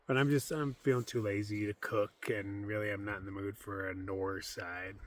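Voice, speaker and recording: A man's voice: on the low side, steady tone, moderate pace, hardly any pauses, slight background noise. A man vlogging casually outdoors from his hammock camp, rambling and self-deprecating, often trailing off into a mumble. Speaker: solo thru-hiker vlogger. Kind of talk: casual outdoor vlog monologue.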